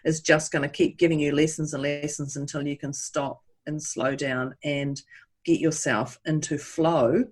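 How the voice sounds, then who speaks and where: A woman's voice: sits low, level tone, moderate pace, breathy edge. A woman co-hosting a podcast in casual chat, acting out inner voices as she talks. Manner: chatty, acts out inner voices, calls listener love. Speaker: podcast co-host.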